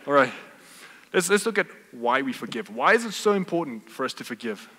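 Preacher in an echoing hall. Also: male voice, mid-range voice, sing-song, brisk, bright, forceful tone. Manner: conversational, emphatic storytelling with rhetorical questions. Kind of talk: sermon. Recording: reverberant hall.

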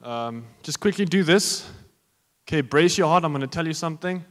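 A man's voice: fairly high pitch, lively intonation, normal speed, big-room sound. A man preaching a sermon as pastor, joking and talking straight to his congregation.

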